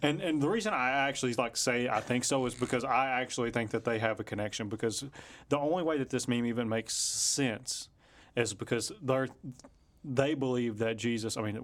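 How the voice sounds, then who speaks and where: A man's voice: mid-range voice, fairly quick. A man hosting a casual podcast discussion, laid-back and addressing listeners directly. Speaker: podcast host.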